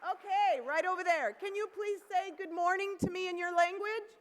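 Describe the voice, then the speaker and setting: A woman's voice: very high-pitched, moderate pace. A woman giving an interactive keynote at a conference, upbeat and coaxing the audience to call out greetings. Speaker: keynote speaker. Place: large conference hall. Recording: long hall reverb.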